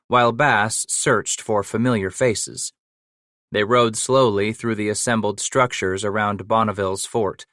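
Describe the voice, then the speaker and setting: This low-voiced man narrates an audiobook from a script, telling the story steadily and with measured care. There's no room sound at all, just clean studio audio.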